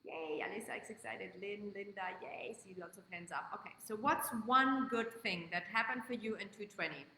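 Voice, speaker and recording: A woman hosting a live-stream coaching session, greeting viewers by name and leading slow guided breathing. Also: medium pitch, bright, forceful tone, a little hiss or hum. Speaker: host and life coach. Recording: echoey room with long reverb.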